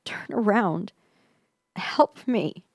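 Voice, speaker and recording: A woman's voice: mid-range voice, expressive, drawn-out words, darkish tone, husky, dry recording, clean studio sound, full character voice. A woman reading a ghost story aloud, voicing the ghost of a limping woman who sobs and begs plaintively for help. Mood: pleading. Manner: plaintive, begging.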